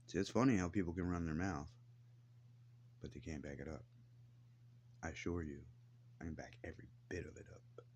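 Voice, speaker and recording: A man's voice: sits low, steady tone, a little fast, long pauses, darkish tone, dull audio, slight background noise. A man ranting to the camera in a blunt, defiant way, swearing heavily as he tells his grievances. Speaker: vlogger. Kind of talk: angry profane rant to camera.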